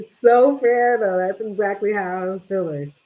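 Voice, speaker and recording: A woman's voice: mid-range voice, fairly even intonation, slow pace, narrow, tinny audio. A young woman telling a casual story to camera, chatty and swearing freely, with lots of "like" and talk of energy and vibes. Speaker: vlogger.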